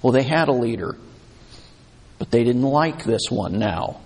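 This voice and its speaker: A male pastor delivers a sermon at an unhurried pace, his voice slightly husky. He talks in a conversational way and voices the complaints of the people he describes. A long reverb trails behind him from the church hall. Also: medium pitch, expressive. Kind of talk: expository sermon.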